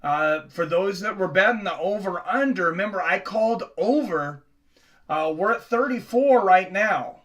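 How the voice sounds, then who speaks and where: Man, high voice, bright tone, casual rambling, live sports reaction host. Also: animated, unhurried. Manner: casual, rambling, chatty with viewers. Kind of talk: live play-by-play reaction stream.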